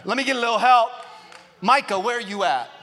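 A man pastor preaching a lively sermon in church, with joking asides to the congregation, building up to shouting passages. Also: very high voice, a little fast, long reverb tail, a little hiss or hum. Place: church sanctuary.

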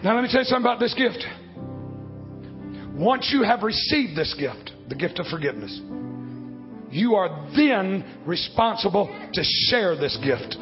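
A high-pitched man in his fifties delivers a sermon. He swings between low, quiet talk and loud shouting. The recording is dull and lo-fi, with faint music underneath. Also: sing-song, unhurried, pauses often. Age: 50s. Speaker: preacher.

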